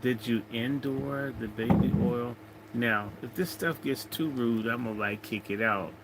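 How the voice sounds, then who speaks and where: A man's voice: mid-range voice, unhurried, background noise. A man hosting a casual livestream, rambling and joking as he reads out viewer comments. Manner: rambling, jokey, chatting to viewers. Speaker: livestream host.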